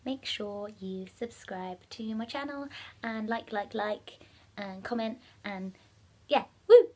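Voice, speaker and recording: A young woman talking casually in a personal vlog, chatty, with many ums and bursts of excitement. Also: mid-range voice, slow. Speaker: vlogger.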